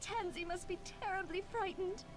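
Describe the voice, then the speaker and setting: A wounded dryad from a fantasy video game, speaking in formal, old-fashioned phrases as she pleads for help. Her voice sits very high, and clear game music runs beneath her. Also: steady tone, normal speed. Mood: anxious. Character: wounded female dryad searching for her lost niece. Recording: game audio under background music.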